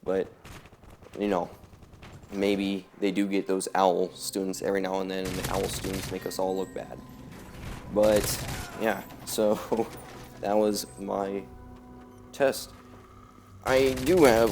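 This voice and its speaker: A man's voice: low voice, steady tone, slow, vocal fry, long pauses, a little hiss or hum. A young man rambling casually in a laid-back way while commenting over gameplay. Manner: rambling, laid-back, heavy on filler words. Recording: loud gunfire from game audio behind voice.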